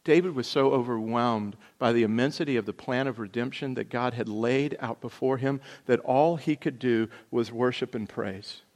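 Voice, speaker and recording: A male pastor delivers a sermon in an earnest, steady manner. His voice sits at a middle pitch, growing emphatic at points and then settling into quieter reflection. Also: normal speed, hardly any pauses. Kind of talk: sermon with scripture reading.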